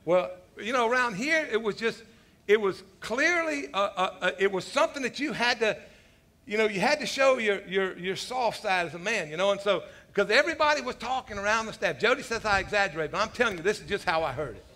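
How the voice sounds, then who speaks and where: A pastor with a high, bright voice delivers a sermon briskly, telling animated stories peppered with "man" and "you know." His humor is self-deprecating, and he laughs at his own stories.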